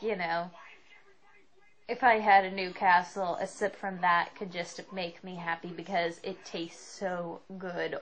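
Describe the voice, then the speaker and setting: Young woman, slow unhurried pace, rambling and self-deprecating, laughs often, casual vlog. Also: medium pitch, a bit bright, poor audio. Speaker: vlogger.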